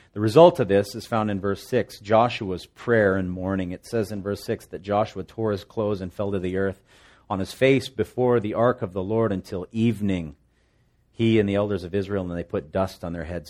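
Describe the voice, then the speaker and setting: A man with a lowish voice preaches through a scripture passage, reading it aloud. He acts out its prayers with rising, pleading emphasis and drops into easy conversational asides with the congregation. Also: darkish tone. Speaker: pastor. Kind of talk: expository sermon.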